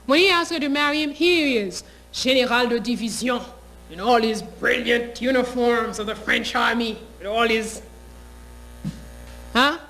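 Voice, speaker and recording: A woman's voice: fairly high pitch, normal speed, fairly bright tone, poor audio. A woman, telling a story with passion and emphasis. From Haiti. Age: 60s. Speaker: teacher. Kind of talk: storytelling interview.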